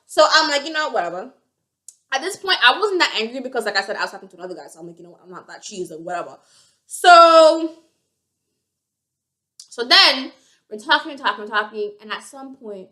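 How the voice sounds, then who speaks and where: A young woman telling a storytime vlog, animated and acting out the other voices. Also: high-pitched, fairly quick. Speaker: vlogger.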